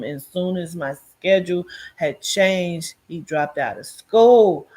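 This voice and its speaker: A woman telling her own life story in a casual, animated way, cursing freely and acting out what people said. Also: lowish voice. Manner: profane, blunt and animated, acts out quoted speech; addresses listeners directly as "child" and "girl".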